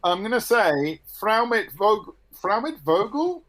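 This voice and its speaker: A man's voice: sits high, very animated, unhurried, a bit bright. A man co-hosting a livestream, bantering playfully and reading out audience messages. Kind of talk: casual livestream chat.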